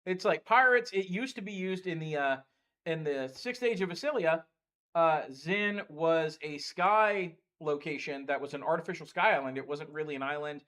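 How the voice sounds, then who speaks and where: Guy dm rambling about lore on a store stream, kinda high voice, lots of uhs. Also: normal speed, pushed and bright. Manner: rambling lore explanation with many fillers. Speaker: dungeon master. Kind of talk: casual livestream chat. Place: game store.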